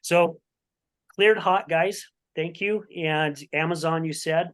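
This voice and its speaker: Male podcast host, slightly higher voice than most men, loose and rambling, casual interview talk. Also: steady tone, takes it slowly, fairly bright tone. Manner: chatty, rambling, frequent restarts.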